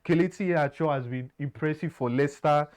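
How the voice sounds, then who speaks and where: A man's voice: fairly high pitch, fast, a little mellow. A man giving earnest football analysis, often stumbling and repeating words. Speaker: football pundit. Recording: dull lo-fi sound.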